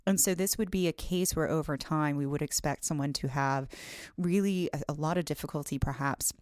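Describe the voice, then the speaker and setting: A woman with a low voice speaks as a psychologist guest on a podcast, laying out clinical terms in a measured, earnest way. The sound is close and dry. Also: a little mellow, no room sound. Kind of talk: explanatory podcast talk.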